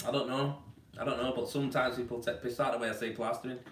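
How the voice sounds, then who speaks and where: A man's voice: mid-range voice, steady tone, racing, slight background noise. Chatty man in a roomy space. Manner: chatty, blokey, calls viewers mate. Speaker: plasterer hosting a live Q&A. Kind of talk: casual live-stream Q&A. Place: indoors at home. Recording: roomy, distant from the mic.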